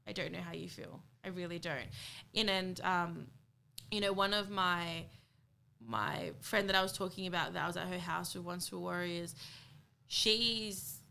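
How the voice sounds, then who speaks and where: A woman's voice: fairly low pitch, fairly even intonation, a little slow, creaky, pushed and bright. A woman co-hosting a podcast, talking earnestly and from the heart in a candid conversation. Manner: earnest, heartfelt, retells friend's words. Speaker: podcast co-host.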